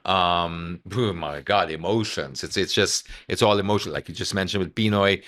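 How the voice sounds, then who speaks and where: Male podcast host, low bright voice, casual, probing questions. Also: normal speed. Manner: conversational, probing follow-up questions. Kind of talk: casual interview chat.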